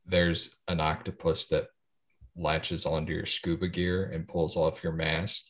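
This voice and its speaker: A woman co-hosting a podcast in casual comedic chat, playful and quick to tease. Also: extremely low pitch, level tone. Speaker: podcast co-host.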